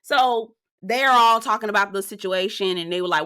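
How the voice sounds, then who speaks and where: A woman's voice: mid-range voice, fairly even intonation, a little fast, few pauses, pushed and bright, smooth, dry recording, studio quality. A woman hosting a casual, sassy recap of a reality show, talking straight to her viewers.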